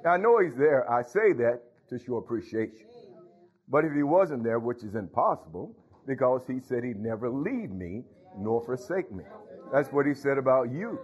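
A man with a medium-pitched, slightly rough, sing-song voice preaches at normal speed. He's a pastor giving a folksy sermon straight to his congregation, often laughing and throwing in hallelujahs.

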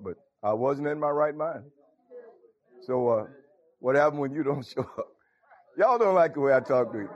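A man's voice: medium pitch, highs cut off. A man preaching an informal sermon to a small congregation, calling out to members by name.

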